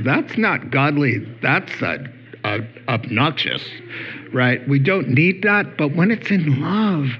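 A man's voice: mid-range voice, husky, lo-fi sound. A male pastor giving a conversational sermon, telling stories with many fillers.

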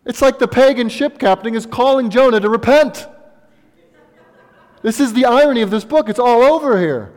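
A man in his thirties, a pastor preaching a sermon with emphatic swings between loud exclamations and hushed asides. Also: very high-pitched, expressive, moderate pace. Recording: long reverb of a large hall.

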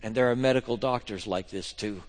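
A man preaching a sermon to his congregation, swinging from loud, fervent exhortation to quiet, intimate appeals and rhetorical questions. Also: fairly low pitch, brisk. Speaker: pastor.

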